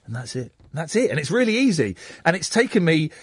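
A man's voice: fairly high pitch, a little fast, breathy edge, no echo. A man, hosting a late-night radio phone-in in a chatty, self-mocking way. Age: 40s. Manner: chatty, self-mocking, lively banter with the studio team.

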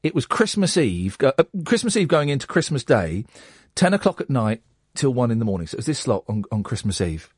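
Man, 40s, radio phone-in host, chatty, self-mocking, lively intonation, dry studio sound. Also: mid-range voice, brisk, husky, no echo. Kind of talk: late-night radio phone-in chat.

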